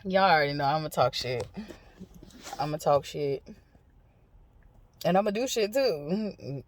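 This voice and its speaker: A woman's voice: deep voice, expressive, unhurried, slight background noise. A woman venting bluntly and profanely to her phone camera from a parked car, laughing often between lines. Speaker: vlogger. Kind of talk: casual rant to camera.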